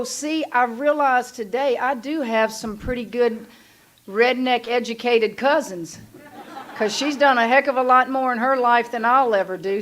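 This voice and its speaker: Blunt Southern woman with a folksy drawl. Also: on the high side. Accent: Southern US, Louisiana. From Louisiana. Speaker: guest speaker, basketball coach. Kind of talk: casual after-lunch speech. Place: club luncheon room.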